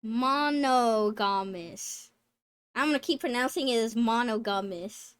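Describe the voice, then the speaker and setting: A woman's voice: on the high side, measured pace, clear, resonant tone, no echo. A woman livestreamer chatting casually, giggly, swearing now and then and stumbling over her words. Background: faint game music.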